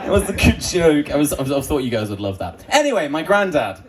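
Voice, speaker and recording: A man's voice: mid-range voice, sing-song, unhurried, a crowd in the background, rough recording. A man doing a stand-up comedy set, joking crudely and acting out quoted voices. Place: comedy club stage before an audience.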